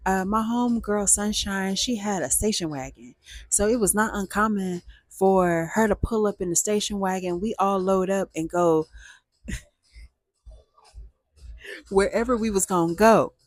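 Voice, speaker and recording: A woman telling a casual storytime vlog with animated, oversharing delivery and playful spoken sound effects. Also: medium pitch, measured pace, pauses often, dry recording, studio quality. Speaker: storyteller host.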